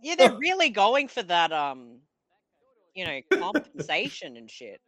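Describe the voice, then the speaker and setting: A woman's voice: medium pitch, wildly swooping pitch, unhurried, a bit bright. A woman chatting casually and laughing while watching a movie with friends, swearing freely.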